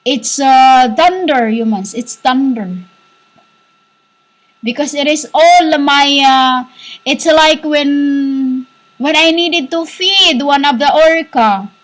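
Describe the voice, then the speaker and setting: High-voiced woman in a rambling spiritual monologue. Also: low-quality recording. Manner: halting and repetitive, addresses listeners as "humans"; scolding, insistent. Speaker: self-styled spiritual teacher.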